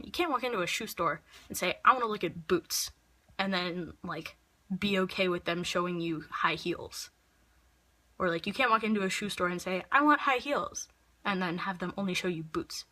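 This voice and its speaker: Bright-voiced woman on a profane rant. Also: mid-range voice. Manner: heated, profane, rambling rant with many "like" fillers. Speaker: makeup vlogger. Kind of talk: ranting vlog monologue.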